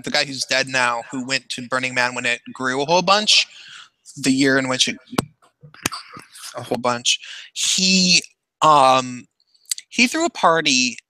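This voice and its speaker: A man in his thirties hosting a casual chat, telling a long story in a halting, rambling way with many restarts. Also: mid-range voice, pushed and bright, clean tone, no echo, low-quality recording. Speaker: podcast host.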